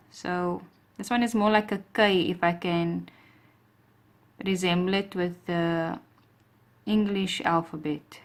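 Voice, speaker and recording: A woman teaching a lesson with patient explanations and careful pronunciation. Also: fairly low pitch. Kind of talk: slow, patient alphabet lesson.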